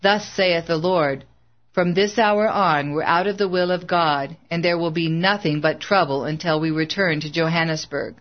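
A narrator doing a stubborn preacher man in an audiobook, earnest and unbending, his words measured and slow when he turns grave. The sound is dull and lo-fi. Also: on the high side, steady tone, natural voice. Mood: solemn. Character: stubborn middle-aged male preacher. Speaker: evangelist.

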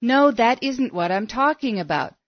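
A woman's voice: a little high, expressive, moderate pace, no room sound, voice pushed up, lightly acted. A woman voicing a persistent middle-aged astrologer. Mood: insistent. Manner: insistent, coaxing questions. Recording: dull, dry lo-fi recording.

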